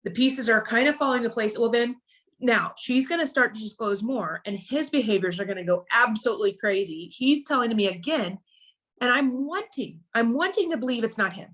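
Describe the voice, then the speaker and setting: Halting, emotional woman telling her story. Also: fairly high pitch, animated, a bit bright. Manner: halting, with frequent restarts and repeated words. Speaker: podcast guest.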